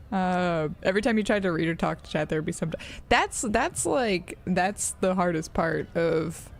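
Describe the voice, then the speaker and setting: A woman's voice: on the low side, lively intonation, unhurried, gravelly, slight background noise. An American woman live-streaming a game, chatting casually and rambling with many fillers and laughs. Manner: rambling, giggly, lots of fillers. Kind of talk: casual live-stream chat while gaming.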